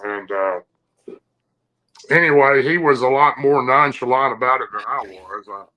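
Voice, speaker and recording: A man's voice: mid-range voice, normal speed, pushed and bright, low-quality recording. A man from Tennessee, telling a story casually in a rambling, vivid way with rural turns of phrase. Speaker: podcast guest telling an encounter story.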